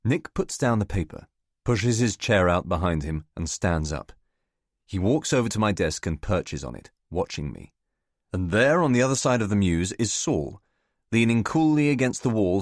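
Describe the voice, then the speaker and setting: A man narrating a novel in the first person, in a measured storytelling manner. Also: fairly low pitch, expressive, no room sound, clean studio sound. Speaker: audiobook narrator.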